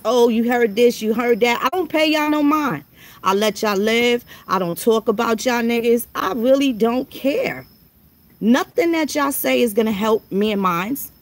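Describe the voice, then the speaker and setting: A woman vlogger delivering a blunt, profane rant straight to the camera, with drawn-out phrases and many rhetorical questions. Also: fairly high pitch. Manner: blunt, confrontational, profane street talk.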